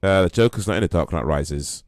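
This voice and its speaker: A man's voice: low voice, brisk, darkish tone, dry recording, clean studio sound. A man casually chatting while he streams a game, rambling with plenty of fillers. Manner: rambling, lots of fillers, joking. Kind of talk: casual live-stream chat.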